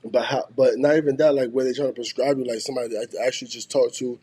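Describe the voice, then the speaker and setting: A man hosting a podcast in a casual chat, laid-back and agreeable, often trailing off into quiet asides. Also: medium pitch, steady tone, fast, slightly rough. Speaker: podcast host.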